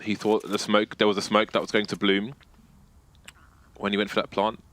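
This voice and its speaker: A man's voice: lowish voice, monotone, normal speed, fairly bright tone. A man commentating an esports match play by play, with jokes and banter between the calls.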